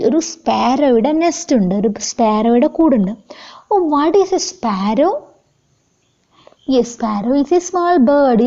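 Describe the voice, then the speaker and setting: High-voiced teacher. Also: female voice, dark tone, muffled recording. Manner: patient, asks pupils questions and repeats. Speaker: English teacher. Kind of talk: textbook lesson explanation.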